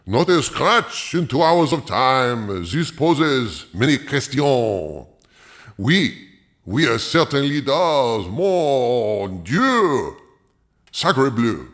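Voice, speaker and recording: A pompous French film critic with a wildly exaggerated accent, as a man hams it up. He drawls each phrase slowly, and his pitch leaps and swoops theatrically. He chuckles to himself as he muses. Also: sing-song, a bit bright, full character voice. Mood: mock-serious. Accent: exaggerated fake French. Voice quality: over-the-top accent, drawn-out delivery, chuckling asides. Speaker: host. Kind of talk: comedic character monologue.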